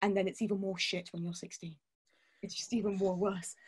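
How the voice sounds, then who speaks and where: A woman's voice: mid-range voice, level tone, fairly quick, darkish tone, slightly rough. A woman chatting candidly as a podcast guest, laughing often and swearing casually. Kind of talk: casual chat.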